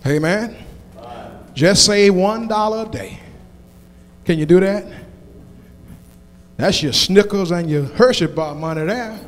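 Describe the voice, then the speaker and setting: A male pastor preaching a sermon with call-and-response, building to shouted climaxes. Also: high voice, long reverb tail.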